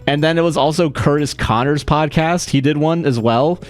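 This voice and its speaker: A man's voice: fairly high pitch, normal speed, faint music behind. A man livestreaming a game, chatting casually in a rambling, profane way and laughing often. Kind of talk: casual chat while streaming a game.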